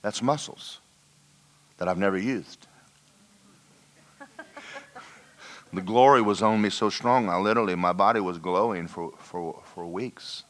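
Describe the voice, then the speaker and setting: A man preaching a sermon in a church, telling a personal story and dropping to a hushed voice for emphasis. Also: fairly low pitch, unhurried, long pauses. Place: church hall.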